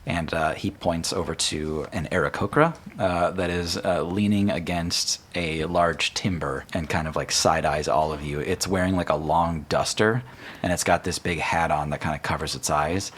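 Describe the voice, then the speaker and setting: A man narrating a tabletop game as game master, in a relaxed storytelling style with many fillers. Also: low-pitched, moderate pace, a little hiss or hum.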